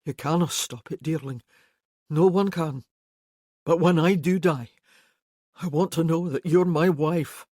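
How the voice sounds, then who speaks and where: A woman voicing a bold Highland warrior man in an audiobook, with a firm, loud, coaxing delivery. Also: a little slow, pauses often, no room sound, clean studio sound. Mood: earnest.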